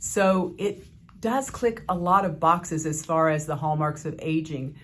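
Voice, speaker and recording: Low-voiced woman doctor explaining. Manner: explanatory, measured, with occasional fillers. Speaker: physician. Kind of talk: educational health talk.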